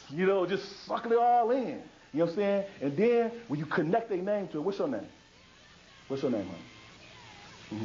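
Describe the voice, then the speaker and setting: A man's voice: high-pitched, darkish tone. A man giving a public lecture in an emphatic, repetitive way, asking rhetorical questions and answering them himself. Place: lecture hall. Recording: dull lo-fi 2000s video recording.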